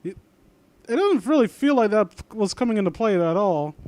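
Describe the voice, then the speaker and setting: A young man reads a story out loud in a casual way, then keeps stopping to make sarcastic jokes about it. His voice sits fairly high and he often trails off. He sounds like he is just chatting to an audience. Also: very animated, moderate pace. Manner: rambling, sarcastic asides, trails off. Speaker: commentator reading and mocking fan fiction. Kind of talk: casual reading and commentary.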